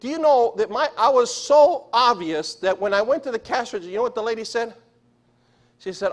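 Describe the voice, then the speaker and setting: Man, high-pitched voice, church sermon, storyteller. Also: animated, fairly quick. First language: Spanish. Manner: storytelling, asks the congregation questions. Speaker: preacher. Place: church sanctuary.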